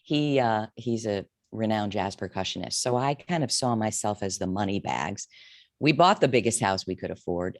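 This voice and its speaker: A woman's voice: animated, moderate pace, no echo, clean studio sound. A woman in her fifties, a career coach telling her story candidly and emotionally in an interview. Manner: candid, emotional, wide swings in pitch.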